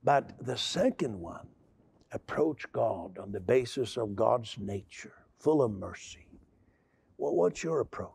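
A man delivers a sermon in a gravelly, husky voice. He stumbles over repeated restarts, then pushes into emphatic, raised stretches. The sound is dry and close. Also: medium pitch, expressive, slow pace, darkish tone, no room sound. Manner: repetitive stammering restarts, rising to emphatic outbursts. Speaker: pastor.

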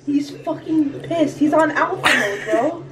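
A young woman reacting loudly while vlogging, swearing and laughing a lot. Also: high voice, measured pace. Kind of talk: casual vlog chat.

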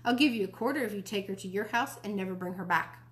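A woman reading a storybook aloud, voicing a small mischievous boy who is jealous of his baby sister in a high, childlike, whiny voice. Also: fast, a bit bright, close to an everyday voice. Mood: cheeky.

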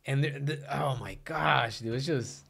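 A man co-hosting a podcast in casual chat, laughing loudly and swearing casually. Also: medium pitch, a little slow, gravelly, slightly rough. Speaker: podcast co-host.

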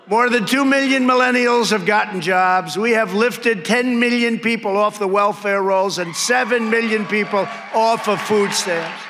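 Speaking at a measured pace with few pauses, a high-voiced man in his seventies gives a rally speech into a podium microphone before a crowd in a large conference hall. He is boastful and mocking, repeats his punchlines, and tosses off nicknames, all captured with hall reverb and crowd and room noise.

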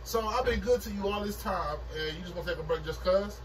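A man's voice: high-pitched, fast. A man in casual banter, protesting in slangy speech. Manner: slangy, protesting, repeats "bro". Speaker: vlogger. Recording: distant mic in a noisy room.

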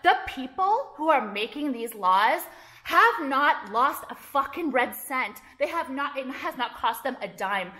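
High, bright-voiced woman ranting profanely. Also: lively intonation, measured pace, roomy sound. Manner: heated, profane, filler-heavy rant. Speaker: jewelry designer and vlogger. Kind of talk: ranting vlog monologue.

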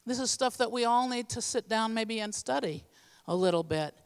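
A woman's voice: a little high, lively intonation, moderate pace, clear, resonant tone, big-room sound. A woman giving a midweek church teaching in an earnest, plainspoken, practical way. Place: church sanctuary.

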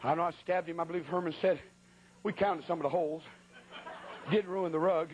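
A man preaching a sermon as a colloquial, animated story, acting out sounds and voices. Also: a little high, fairly quick, lo-fi sound, a little hiss or hum.

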